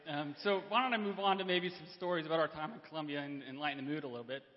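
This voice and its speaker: A man telling personal stories to a church congregation, unprepared, with frequent restarts and throat clearing. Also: fairly high pitch, rapid-fire. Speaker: church member speaking to congregation. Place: church sanctuary. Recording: lo-fi with long hall reverb.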